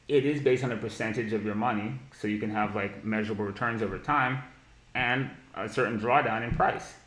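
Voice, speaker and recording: A man's voice: fairly low pitch, fairly bright tone. Blunt, profane man in an echoey room. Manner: blunt, profane and mocking, with bursts of laughter. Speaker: market analysis streamer. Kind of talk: live-stream trading lesson.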